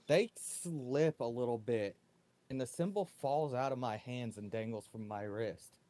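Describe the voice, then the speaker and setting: A man calmly describes his character's actions in a tabletop game. His voice is mellow and dark, and he speaks slowly and measuredly. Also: medium pitch. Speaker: player.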